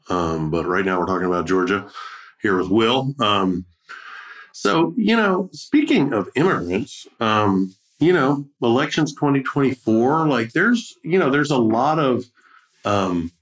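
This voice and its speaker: A man's voice: low-pitched, a bit bright. A man hosting a podcast, talking casually and rambling with many fillers and restarts. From United States. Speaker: podcast host. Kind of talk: casual conversation.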